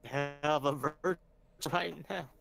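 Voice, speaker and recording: A man chatting casually about video games with friends, excitable and quick to swear. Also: on the high side, gravelly, a crowd in the background. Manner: excitable, swears, calls everyone dude. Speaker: stream co-host. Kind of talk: casual gaming chat.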